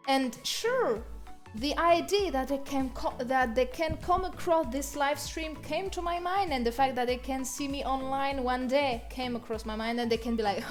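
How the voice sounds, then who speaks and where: A young French woman with a French accent, chatting casually on her art live stream, bubbly and quick to laugh. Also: animated, faint music behind. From France. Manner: bubbly, laughs often, slips into squeaky bursts.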